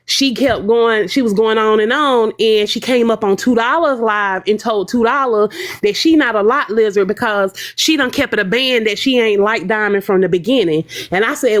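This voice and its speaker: A woman casually retelling livestream drama, animated and gossipy, slipping into the voices of the people she quotes. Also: medium pitch, normal speed.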